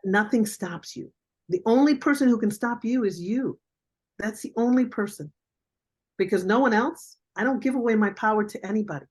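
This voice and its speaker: A woman's voice: on the high side, moderate pace, darkish tone, husky. An older woman, a veteran journalist, giving blunt, emphatic career advice as a guest on an online mentoring interview over a video call.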